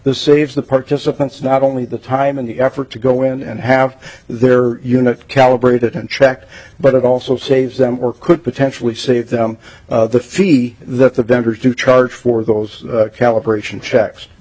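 A man, a state traffic safety director, giving measured formal testimony at a legislative hearing with frequent pauses and fillers. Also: mid-range voice, flat delivery, darkish tone, slightly rough, poor audio.

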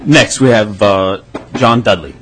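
A man's voice: on the low side, a little slow, a bit bright. Businesslike man chairing a noisy hearing. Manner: brief, businesslike. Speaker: committee chair. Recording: noisy hearing-room mic from a distance.

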